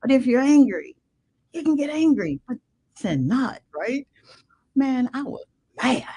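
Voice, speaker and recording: A woman's voice: high voice, expressive, unhurried, dark tone, husky, low-quality recording. An older woman guest telling a personal story of faith in an emphatic, preacher-like way. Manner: emphatic, preacherly, calls listener "man". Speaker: guest, radio show host. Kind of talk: emotional personal testimony.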